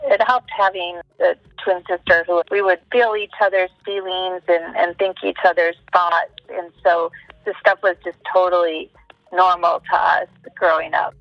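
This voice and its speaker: A woman telling a personal story in a relaxed, thoughtful way. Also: fairly low pitch, moderate pace, dry recording, lo-fi sound. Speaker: podcast guest, psychic. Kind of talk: casual storytelling.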